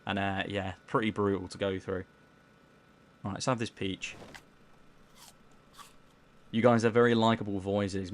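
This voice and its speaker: A man casually chatting on a live gaming stream, reading chat aloud in a mellowed-out, low-key way and tripping over words as he plays. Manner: stumbles over words while playing.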